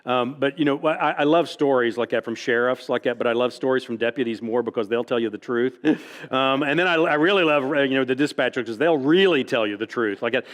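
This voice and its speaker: A man's voice: mid-range voice, fairly quick. A man, an author at a library event, telling anecdotes to a live audience in a rambling, self-amused way, packed with fillers and chuckles. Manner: breaks into chuckles at his own stories. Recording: long reverb of a large hall.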